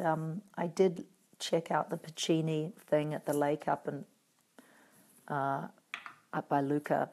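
Low gravelly woman, wry and chatty. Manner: chatty, wry and playfully teasing. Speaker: actress answering fan questions. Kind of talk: casual live video Q&A reading out comments.

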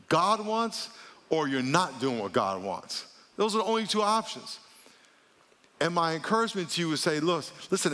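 A man preaching a sermon to a church congregation, animated, swinging his voice up high when he mimics people. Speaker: pastor. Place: large church auditorium. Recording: long hall reverb.

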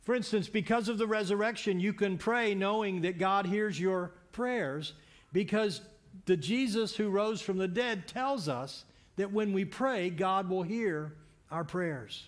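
A man with a high voice preaches from a church stage. He retells a story in a loose, conversational way, often restarting and repeating words as he goes. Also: measured pace. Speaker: pastor. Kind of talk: sermon.

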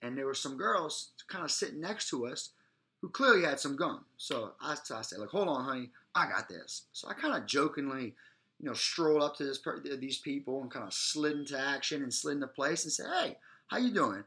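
Bright-voiced male self-defense instructor. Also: mid-range voice, a little fast. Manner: emphatic, often checks in with "all right?" and "guys". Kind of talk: instructional presentation.

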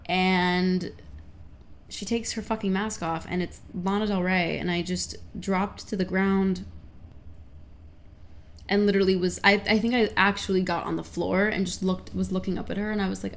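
A young woman livestreaming, chatting casually and excitably with her viewers, swearing now and then. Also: mid-range voice. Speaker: livestreamer answering chat questions. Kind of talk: casual chat.

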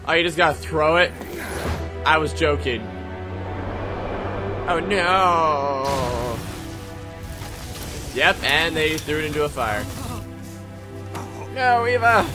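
Slow-talking sarcastic young man gaming. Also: on the high side, fairly even intonation. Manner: sarcastic, joking, exclaiming. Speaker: let's play host. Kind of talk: gameplay commentary. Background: loud game music.

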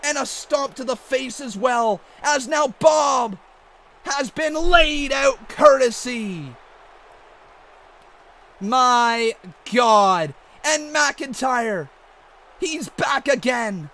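A gaming YouTuber with a very high voice delivers mock wrestling play-by-play over a video game. He's excitable, often shouting and stretching out his words.

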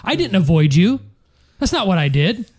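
A man's voice: high-pitched, very animated, moderate pace, darkish tone. A man co-hosting a podcast in casual chat, blunt and exasperated, swearing often. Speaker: podcast co-host.

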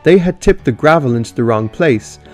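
Casual male YouTube commentator, frank, reads and reviews stories, mid pitch, faint music. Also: lively intonation, moderate pace, a little mellow. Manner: casual and frank, with mild swearing. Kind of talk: reading story outlines and commenting.

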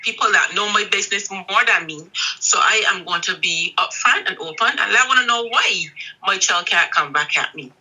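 A woman's voice: medium pitch, moderate pace, slightly rough, low-quality recording. A middle-aged Barbadian woman, an interview guest, candidly telling a story about her daughter and acting out the quoted dialogue. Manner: animated, acts out quoted dialogue.

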